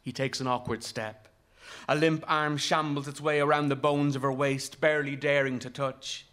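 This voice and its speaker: A man narrating a literary story in a measured, vivid way, with rhythmic phrasing. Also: fairly high pitch, flat delivery, a bit bright.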